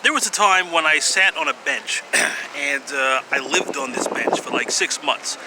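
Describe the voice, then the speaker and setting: A man with a somewhat high voice vlogs in a loose, meandering monologue, stopping often for fillers and sighs and letting out dry chuckles. He is recorded outside, and passing cars and urban noise are plainly heard behind him. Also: big pitch swings, normal speed, creaky, bright, forceful tone, low-quality recording. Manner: rambling and hesitant, many fillers and sighs, wry laughs. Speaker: vlogger. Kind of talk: casual monologue to camera. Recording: outdoor street noise behind.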